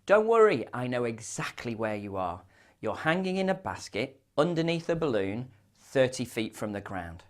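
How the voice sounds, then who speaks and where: A man's voice: mid-range voice, big pitch swings, moderate pace, lightly acted. A man doing a smug dog walker. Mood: matter-of-fact. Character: smug, literal-minded man walking his dog.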